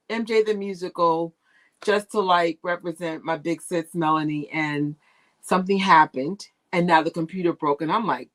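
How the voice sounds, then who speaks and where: A woman hosting a casual fan news livestream, chatty and animated, laughing often, recorded on a tablet's built-in mic. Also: on the low side, normal speed. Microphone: tablet used as camera.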